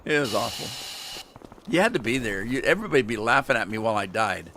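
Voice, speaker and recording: A man's voice: lowish voice, expressive, fairly quick, sharp tone, slight background noise. An older American man chatting and telling rambling stories while he streams a farming game, often chuckling. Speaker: gaming livestreamer. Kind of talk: casual chat while playing.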